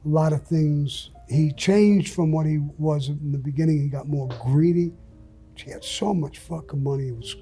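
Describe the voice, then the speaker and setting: A man's voice: a little high, fairly even intonation, normal speed, mellow, slightly rough, soft background music. An older man telling stories as an interview guest, blunt and profane, acting out what people said. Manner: blunt and profane, acts out quotes. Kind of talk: storytelling in conversation.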